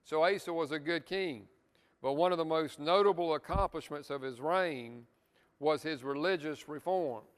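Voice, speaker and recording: A man's voice: a little high, moderate pace, smooth, long reverb tail. A man teaching a Bible study lesson in a church, earnest, stressing key words and adding asides to the class.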